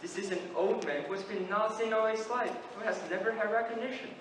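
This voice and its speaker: Brief: teen guy as a soft-spoken reflective old juror, high voice, echoey hall with noise. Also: brisk, far from the mic, close to an everyday voice. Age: late teens. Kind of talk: stage play performance.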